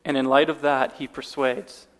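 A man's voice: medium pitch, flat delivery, moderate pace, a bit bright. A man preaching a sermon, telling a personal story earnestly and often restarting his words. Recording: long reverb of a large hall.

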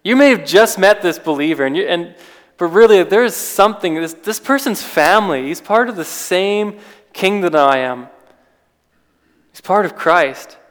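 A man's voice: sits high, animated, moderate pace. Man preaching casually in a reverberant hall. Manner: conversational, with restarts and rhetorical questions. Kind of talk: informal sermon.

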